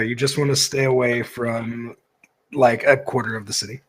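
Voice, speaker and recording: A man's voice: medium pitch, little pitch movement, normal speed. A man co-hosting a podcast in casual chat, laid-back and teasing.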